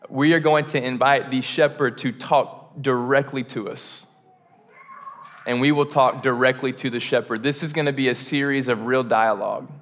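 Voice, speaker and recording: Pastor, man, mid-pitched, loose conversational sermon, room reverb. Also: moderate pace. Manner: relaxed, self-deprecating, chatty with frequent fillers and restarts. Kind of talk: casual sermon. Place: church auditorium.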